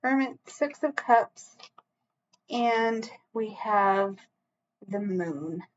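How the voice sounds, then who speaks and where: Slow, halting woman reading tarot. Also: medium pitch, expressive, lo-fi sound. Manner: halting, earnest, frequent restarts and reassuring "okay?". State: emotional, close to tears. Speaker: tarot reader. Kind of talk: solo tarot reading to camera.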